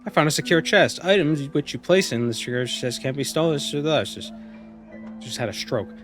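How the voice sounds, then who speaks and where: A man chats casually while he plays a video game, rambling and amused as he thinks out loud. Soft music sits faintly behind his voice. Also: on the high side, expressive, normal speed. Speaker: streamer. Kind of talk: casual gameplay commentary.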